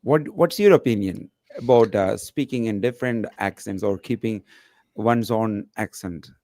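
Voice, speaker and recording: A man from India, hosting a webinar and asking curious, halting questions. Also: lowish voice, mellow, dry recording. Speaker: webinar host.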